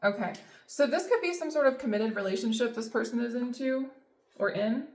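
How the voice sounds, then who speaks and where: A woman's voice: on the high side, fairly quick, a little hiss or hum. A woman giving a casual tarot reading, chatty and emphatic, with lots of fillers and the odd swear word. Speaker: tarot reader. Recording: echoey room.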